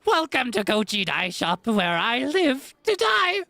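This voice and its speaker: A flamboyant dye-shop owner, as a male streamer puts him on, pitched up and stretching each word out with theatrical grandeur. He sells every line like a showman. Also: huge pitch swings, unhurried, creaky, sharp tone, full character voice. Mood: grandiose.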